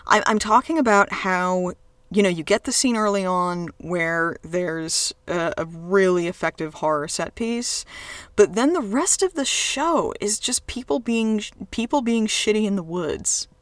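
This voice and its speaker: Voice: mid-range voice, measured pace, fairly bright tone, no echo. A TV reviewer talking casually and sarcastically, rambling with restarts and swearing freely. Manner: frequent restarts and fillers. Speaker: episode reviewer.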